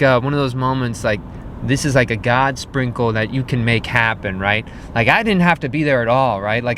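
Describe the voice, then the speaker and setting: A male pottery vlogger chatting while he drives, with the faint hum of a car behind him. His pitch sits in a plain middle register. He rambles through his story with lots of "like" and "right?". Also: a bit bright. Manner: rambling, filler-heavy, frequent "like" and "right?". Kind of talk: casual vlog storytelling.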